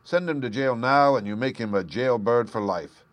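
A man reading aloud plays a calm, aloof detective who speaks in measured, quietly authoritative tones. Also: medium pitch, lightly acted. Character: calm, aloof male detective, middle-aged.

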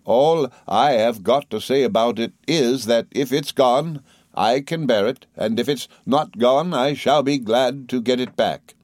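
A man reading aloud as an elderly aunt, speaking slowly and deliberately in a slightly raised voice. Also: mid-range voice, darkish tone, no echo, studio quality, close to an everyday voice. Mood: firm, composed. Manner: slow, deliberate, clipped. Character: stern composed elderly aunt, woman.

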